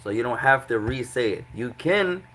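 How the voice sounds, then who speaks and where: A man's voice: mid-range voice, animated, normal speed, fairly bright tone, a little hiss or hum, rough recording. A man teaching Arabic in a class, patiently repeating each translation several ways and breaking the grammar into small steps. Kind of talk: classroom lesson.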